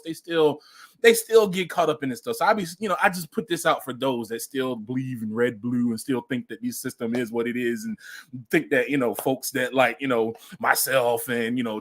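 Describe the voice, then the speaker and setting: A man's voice: mid-range voice, a bit bright. A man hosting a casual commentary show, speaking emphatically and repeating phrases for effect. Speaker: podcast host.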